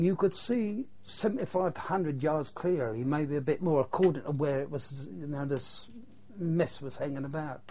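A man's voice: a little high, dark tone. An older man, recalling wartime memories in a plain-spoken, earthy way with mild swearing. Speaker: war veteran interviewee. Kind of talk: oral history recollection. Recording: dull lo-fi recording.

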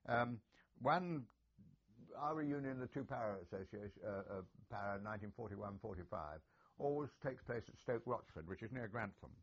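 A man's voice: lowish voice, lively intonation, moderate pace, husky. An older man, a retired army officer reminiscing in an oral history interview, chatty and genial with many filler sounds. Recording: dull lo-fi recording.

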